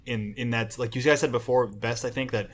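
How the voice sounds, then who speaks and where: A man's voice: mid-range voice, steady tone, brisk. Man musing loosely about comics. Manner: rambling, hedging with "like". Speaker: podcast co-host. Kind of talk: casual comic book discussion.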